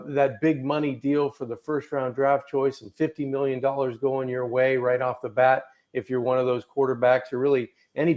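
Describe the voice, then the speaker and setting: Easygoing middle-aged ex-quarterback guest. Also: male voice, mid-range voice, a little mellow. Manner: easygoing, long rambling answers. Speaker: guest, former quarterback and announcer. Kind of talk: radio interview.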